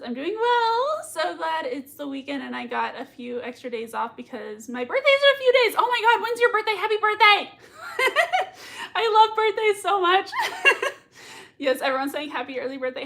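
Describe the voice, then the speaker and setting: With a fairly high and a bit bright voice, a woman running a casual livestream watch party gushes and giggles as she reads viewer comments out loud, often breaking into laughter.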